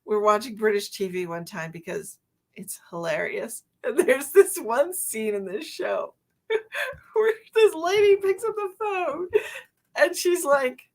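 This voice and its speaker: A woman's voice: high voice, animated, takes it slowly. A middle-aged woman hosting a live stream as a psychic medium, chatting casually and laughing often.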